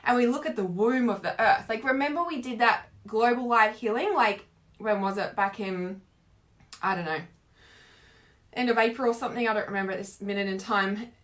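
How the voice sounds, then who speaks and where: A woman's voice: a little high, normal speed, a bit bright. A woman talking casually on a live stream as a spiritual coach, rambling and filling her speech with "like". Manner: rambling, heavy use of "like", frequent laughs. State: teary from earlier crying.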